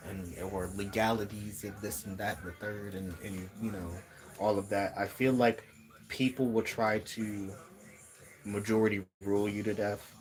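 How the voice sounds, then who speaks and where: Low-voiced man giving a musing tarot reading. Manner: musing, repeats words while searching for messages. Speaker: tarot reader. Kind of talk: casual spiritual reading to viewers.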